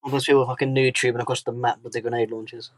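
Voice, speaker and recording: A man's voice: medium pitch, flat delivery, racing, dry recording. A man in a casual gaming chat on a podcast, laid-back and hesitant, often searching for words. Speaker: podcast co-host.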